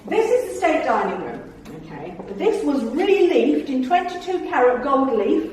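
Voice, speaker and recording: A middle-aged woman tells lively anecdotes to a club audience, in a chatty, theatrical way and with plenty of laughter. Her slightly high voice rings through a very echoey meeting room. She is picked up from some distance, with a faint hiss underneath. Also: moderate pace. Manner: chatty, theatrical storyteller who laughs often. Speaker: guest speaker, former tour guide. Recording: very echoey room, voice far from mic.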